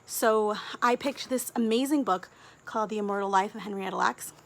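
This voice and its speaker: A woman, a book vlogger talking casually to camera, gushing and chatty with quick asides and giggles. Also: mid-range voice, creaky.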